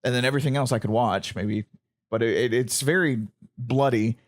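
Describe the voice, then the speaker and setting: A man's voice: medium pitch, brisk. A man, co-hosting a casual pop-culture chat, rambling and stammering as he corrects himself. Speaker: podcast co-host.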